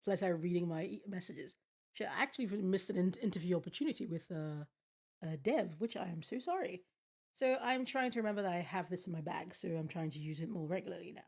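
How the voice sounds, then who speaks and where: A woman's voice: lowish voice, quick pace, creaky, a little mellow, husky. A woman streaming a game, reading its text aloud and reacting with bemused, swearing commentary. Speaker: gaming streamer. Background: game music.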